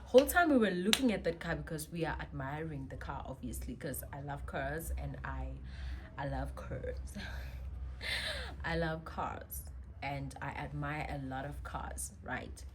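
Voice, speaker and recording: A woman telling a personal story as a vlogger, chatty and expressive with many asides. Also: sits low, measured pace, slight background noise. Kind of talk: storytime monologue.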